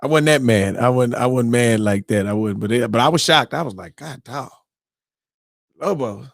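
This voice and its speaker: A man hosting a morning show, telling a story in a lively, excitable way and acting out his own reactions. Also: medium pitch, fairly quick, vocal fry, no room sound, clean studio sound. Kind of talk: animated casual storytelling.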